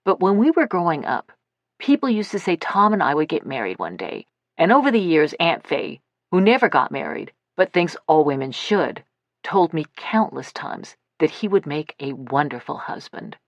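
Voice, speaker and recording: A woman narrates a first-person audiobook in a lowish voice with an animated, expressive rise and fall. She voices bits of dialogue as she tells the story. The recording is dry and close, with no room sound. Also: normal speed, dry recording, dull audio. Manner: lively storytelling, voicing dialogue.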